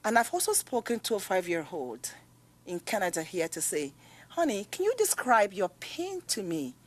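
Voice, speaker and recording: A woman's voice: mid-range voice, very animated, moderate pace. A woman testifying as a patient advocate at a hearing, speaking earnestly and growing emphatic as she recounts stories.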